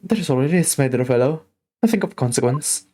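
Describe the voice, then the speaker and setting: A woman voicing a gloomy, dramatic male detective who plays violin, reading game dialogue aloud in a slow, melancholy way. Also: a bass voice, animated, dark tone, slightly rough, voice pushed down, heavily acted.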